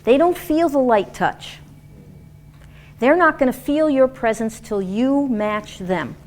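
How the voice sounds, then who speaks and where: A woman lecturing a class on dance and movement therapy in an animated, demonstrative way, acting out example voices. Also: high voice, slow.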